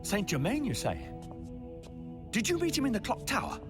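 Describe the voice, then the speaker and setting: A man's voice: high voice, wildly swooping pitch, normal speed, over music. An actor playing a sly, theatrical male servant of the villain with a British accent in a video game dub. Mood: alarmed.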